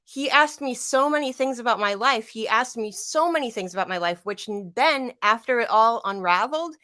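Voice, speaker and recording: A woman's voice: a little high, animated, normal speed, sharp tone, no echo, clean studio sound. A young adult woman telling an emotional personal story on a livestream, rambling and repeating herself, her voice catching at times. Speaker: guest.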